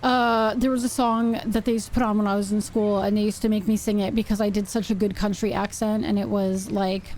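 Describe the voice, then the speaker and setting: A young woman streamer chatting casually while she plays, rambling and thinking out loud with self-mocking asides. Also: medium pitch, little pitch movement, brisk, hardly any pauses, a little hiss or hum. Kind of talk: casual live-stream chat while gaming.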